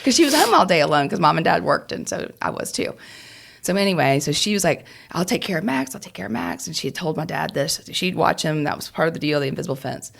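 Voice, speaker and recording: A woman lawyer co-hosting a podcast, telling an animated story with laughs and restarts. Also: low voice, fast talker, creaky. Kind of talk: casual storytelling chat.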